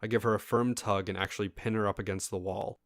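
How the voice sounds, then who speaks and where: A man reads a first-person tale in a fairly low, steady voice, talking fast but keeping it casual. He occasionally steps out of the story to speak to his listeners. There's no room echo; the recording is close and dry.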